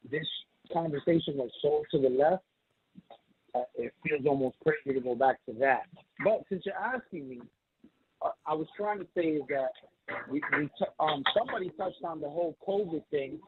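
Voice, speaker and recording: A man's voice: a little high, normal speed. A man calling in while riding a train, talking bluntly and swearing, acting out what others said. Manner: blunt, swearing, tells stories with quoted voices. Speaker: caller. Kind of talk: casual call-in chat. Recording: tinny phone line. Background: train noise.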